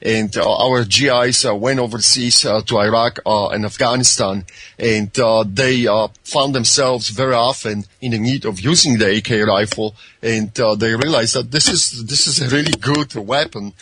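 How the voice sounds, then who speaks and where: A man with a Polish accent, a guest on a radio show, speaking in halting English full of pauses, friendly. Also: mid-range voice, fairly bright tone, husky. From Poland. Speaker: guest, gun channel creator and serviceman. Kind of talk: phone-in radio interview.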